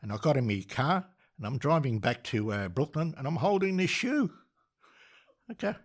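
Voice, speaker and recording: A man's voice: mid-range voice, expressive, a little fast. An older Australian man, a podcast guest, telling a story with energy, laughing and restarting often. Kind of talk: animated storytelling.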